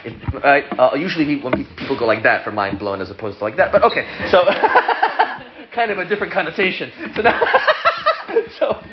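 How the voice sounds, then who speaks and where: A man teaching an informal Torah lesson, his voice sitting a bit high and swinging widely as he explains. He is playful and chatty with his students. The sound is dull and lo-fi with a faint hiss behind him. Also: very animated, normal speed. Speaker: rabbi teaching a class.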